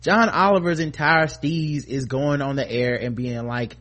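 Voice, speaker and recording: This man co-hosts a podcast, riffing casually with plenty of swearing, fillers, and restarts, and he's animated enough to climb into emphatic outbursts. His voice is a little high and his pace unhurried.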